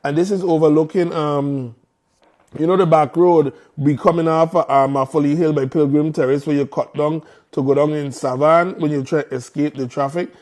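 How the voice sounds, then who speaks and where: A man's voice: on the high side, steady tone, normal speed, darkish tone. A man with a Virgin Islands accent hosting a live morning show, chatting casually and repeating phrases in local slang.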